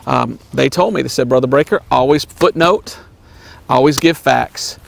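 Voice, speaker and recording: A man preaching an earnest sermon, repeating his points and sometimes mocking name-callers in a high voice. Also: normal speed, gravelly, a little hiss or hum. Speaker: evangelist preacher.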